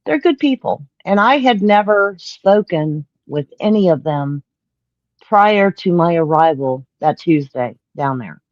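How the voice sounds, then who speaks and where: A woman's voice: lowish voice, animated, measured pace, no echo, muffled recording. A woman from Florida with a Southern accent, a guest chatting frankly and casually. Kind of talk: casual interview chat.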